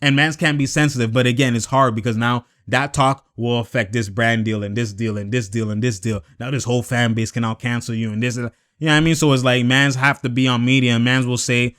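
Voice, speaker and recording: Young guy ranting about hoops, slangy, rambling, lots of likes and you know, gets worked up and loud at times. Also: mid-range voice, fairly quick, hardly any pauses, clear, resonant tone. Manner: animated, slangy, rambling with many fillers. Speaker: basketball commentary host. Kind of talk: casual solo commentary.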